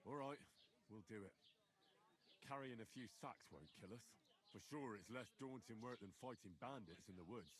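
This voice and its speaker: An actor playing a polite, willing young peasant hero in a video game. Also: male voice, fairly low pitch, normal speed, lightly acted. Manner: polite, agreeable, understated.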